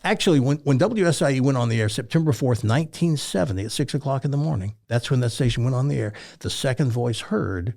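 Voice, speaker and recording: A man in his seventies from Tennessee, a retired radio talk host, telling stories in an interview with animated delivery. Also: medium pitch, fast talker, creaky, few pauses. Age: 70s. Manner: animated storyteller, jumps into other voices. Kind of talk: storytelling interview.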